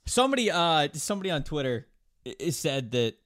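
A man's voice: a little high, sing-song, brisk, a bit bright, no room sound. A man co-hosting a podcast, teasing his partner in casual chat. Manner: teasing, laughs a lot. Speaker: podcast co-host.

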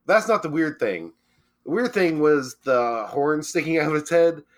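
Deadpan man telling absurd stories. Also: a little high, normal speed. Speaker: podcast co-host. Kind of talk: comedic storytelling chat.

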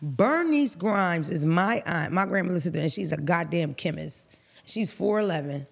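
A woman co-hosting a podcast, telling a story in a blunt, profane, animated way. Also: fairly low pitch, normal speed, creaky. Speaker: podcast co-host.

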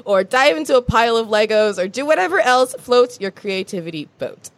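A woman's voice: a little high, lively intonation, a little fast, dry recording. A woman in her thirties co-hosting a podcast, upbeat and giggly as she chats and runs through the show. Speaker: podcast co-host. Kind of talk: casual chat and show rundown.

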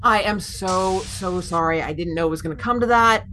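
A woman's voice: fairly low pitch, normal speed, sharp tone, a little hiss or hum. A woman playing a tabletop game, chatting in character in a weary, apologetic way. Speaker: player.

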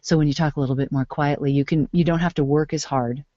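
A woman's voice: deep voice, fast, dry recording. Chatty woman guest, slightly muffled audio. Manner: chatty, playful, animated storyteller. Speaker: interview guest, voice-over artist and photographer. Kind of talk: casual conversational interview.

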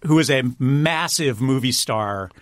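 A man's voice: medium pitch, a little slow, no echo, clean studio sound. A man being interviewed, telling stories in a chatty way, laughing often and restarting his sentences. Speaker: guest, director and writer. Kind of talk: casual storytelling interview.

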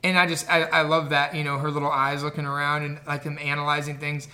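A man tells rambling, animated stories in a casual podcast chat, his voice bright, forceful and pitched a little high. He swears freely and leans on "like" and "you know" between thoughts. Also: fast. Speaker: podcast guest; coach.

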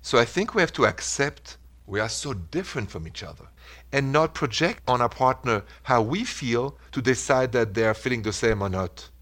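A man's voice: medium pitch, expressive, moderate pace, a bit bright. A man with a French accent hosting a call-in radio advice show, earnest and reassuring. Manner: earnest, reassuring, speaks in short coaching phrases. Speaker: radio relationship advice host.

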